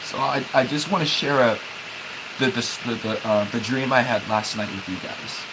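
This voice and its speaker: Grieving young man on a hissy livestream. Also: mid-range voice. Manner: halting, grieving, repeats words and restarts. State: holding back tears. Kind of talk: emotional livestream talk.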